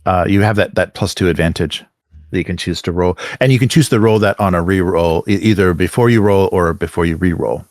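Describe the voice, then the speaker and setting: A low-pitched man runs a tabletop game session. He explains rules in halting bursts full of fillers and laughs often. The recording is dry and close. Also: darkish tone, no echo. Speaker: game master. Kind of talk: running a tabletop game online.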